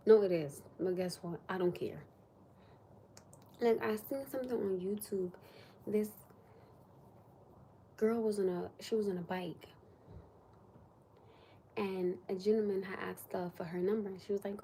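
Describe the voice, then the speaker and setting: Chatty woman with a mellow voice. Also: medium pitch, moderate pace, pauses often, a little hiss or hum. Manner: animated, drops to whispers for emphasis. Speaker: livestream host. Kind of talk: casual livestream chat.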